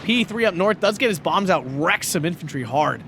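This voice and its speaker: A man casting a strategy game tournament match, excitable, laughing often and shouting at big plays, a little hoarse from talking. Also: sits high, a little fast, a little hiss or hum. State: losing his voice. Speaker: tournament caster.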